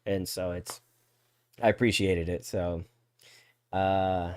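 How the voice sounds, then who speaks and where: Male podcast co-host, casual chatter, low voice, dry close sound. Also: level tone, takes it slowly, a little mellow, no echo. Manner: chatty, stammers and repeats words, reads chat aloud. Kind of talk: casual live-stream chat.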